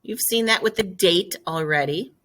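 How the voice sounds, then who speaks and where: A woman teaching a French vocabulary lesson, explaining step by step and repeating each word slowly and clearly. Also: on the low side, fairly bright tone. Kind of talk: classroom lesson video.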